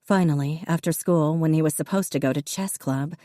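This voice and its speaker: A woman narrating an audiobook in a steady storytelling voice, switching into voices for the characters. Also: deep voice, brisk, no room sound, studio quality.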